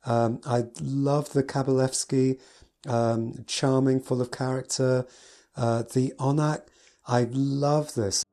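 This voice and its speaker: Mellow-voiced man gushing over pieces. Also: medium pitch, level tone, slow. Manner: enthusiastic, gushing with adjectives. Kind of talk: casual spoken review from notes.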